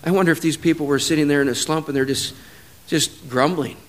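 A man preaching a sermon, telling a personal story, who swings from low, quiet stretches to loud, emphatic peaks. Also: fairly even intonation, brisk.

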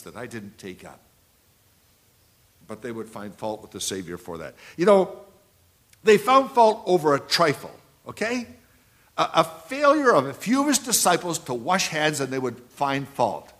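A man of about seventy preaches a sermon in a mid-range voice, telling anecdotes and repeating key phrases. His delivery swings between loud and hushed.

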